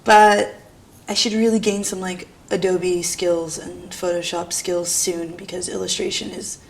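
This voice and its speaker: Young new girl, art student, jokey and sweary, laughs a lot, bit of low rumble in the background. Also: level tone, measured pace, gravelly. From New York. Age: young adult. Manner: irreverent, self-mocking, laughs often, swears casually. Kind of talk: candid documentary interview.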